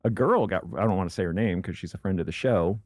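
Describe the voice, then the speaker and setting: A man co-hosting a studio talk show, reacting quickly and chatting casually with his guest. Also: sits low, a little mellow, no room sound. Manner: chimes in with quick reactions and laughs. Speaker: co-host. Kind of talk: casual chat. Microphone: studio microphone.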